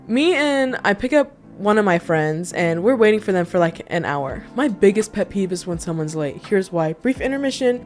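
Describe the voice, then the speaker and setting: A young woman vlogger in casual chat indoors, telling stories candidly and animatedly with lots of asides. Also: medium pitch. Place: indoor room.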